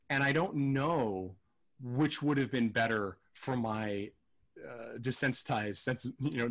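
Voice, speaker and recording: A man's voice: medium pitch, a bit bright. A man co-hosting a film podcast, talking through his thoughts in a rambling, hesitant way with lots of fillers and restarts. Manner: rambling, hesitant, thinks aloud with many fillers. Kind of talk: casual film discussion.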